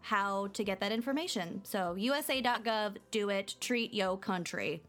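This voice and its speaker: A woman's voice: medium pitch, normal speed, fairly bright tone. Minnesotan woman co-host over faint music. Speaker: podcast co-host. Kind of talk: casual chat.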